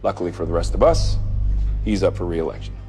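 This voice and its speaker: A man's voice: low voice, expressive, quick pace, warm tone. An actor playing a man briefing others in a film clip, persuasive and scripted. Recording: film clip with long reverb and faint music.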